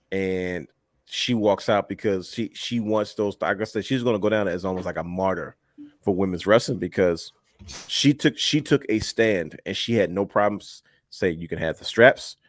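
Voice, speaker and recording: A young man with a fairly low voice co-hosts a wrestling podcast in a dry, close sound. He talks in an animated, emphatic way and stacks up repeated words when he presses an argument. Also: moderate pace, dry recording. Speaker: podcast co-host. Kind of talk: casual wrestling podcast talk.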